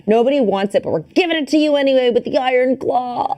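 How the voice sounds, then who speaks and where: A woman's voice: sits high, fast, mellow. A woman co-hosting a podcast in casual, playful chat, laughing often. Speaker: podcast co-host.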